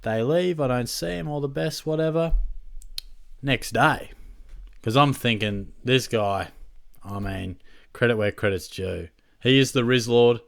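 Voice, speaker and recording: A man's voice: medium pitch, a little slow, gravelly, pauses often, no echo. A young Australian man chatting casually to his viewers, rambling through a story and laughing mid-sentence. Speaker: fantasy football channel host. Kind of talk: casual chat to camera.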